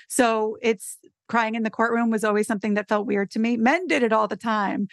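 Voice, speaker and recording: A woman's voice: fairly high pitch, a little fast, vocal fry, dry recording, studio quality. A middle-aged woman, a podcast guest and advocacy expert, telling stories emphatically in casual conversation. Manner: animated storyteller, emphatic.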